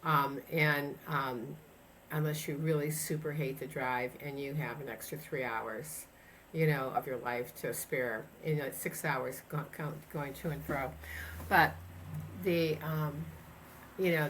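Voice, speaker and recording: A woman's voice: low-pitched, fairly even intonation, normal speed, a bit bright, a little hiss or hum. A woman in her sixties from the United States, a chiropractor telling travel stories in a casual interview, rambling with many fillers and restarts. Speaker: guest chiropractor.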